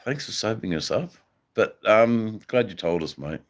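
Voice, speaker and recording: An Australian man hosting a livestream, chatting casually with viewers in a halting way, full of ums and repeated phrases. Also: on the low side, expressive, a little hiss or hum. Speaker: livestream host reading chat. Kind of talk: casual live-stream chat.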